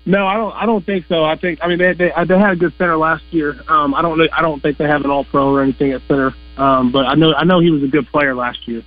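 A young man playing football, called in as a guest, talking in a plain, halting way. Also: fairly high pitch, steady tone, no room sound. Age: young adult. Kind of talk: phone interview. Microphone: phone. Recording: tinny phone line.

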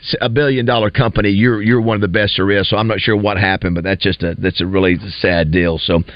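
A man's voice: fairly low pitch, fairly even intonation, quick pace, no room sound. Rambling man hosting morning radio. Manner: rambling, restarts, lists names with rising emphasis. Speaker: radio show host. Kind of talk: casual morning radio chat. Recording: dull dry radio studio sound.

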